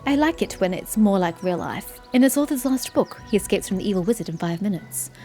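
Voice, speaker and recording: A woman's voice: medium pitch, animated, brisk, mellow, soft background music, natural voice. A woman voicing a smug, bookish male gnome who speaks dismissively.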